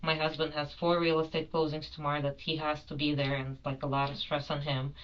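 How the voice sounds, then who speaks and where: A woman's voice: low-pitched, flat delivery, fairly quick, lo-fi sound, a little hiss or hum. Rambling, apologetic woman in police interview. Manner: rambling, filler-heavy, apologetic. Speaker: detained airline passenger.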